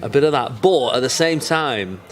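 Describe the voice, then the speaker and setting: A man's voice: mid-range voice, expressive, normal speed. Man, Mancunian accent, chatty comic guest, rambling and jokey. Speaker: comedian interview guest. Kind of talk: casual chat.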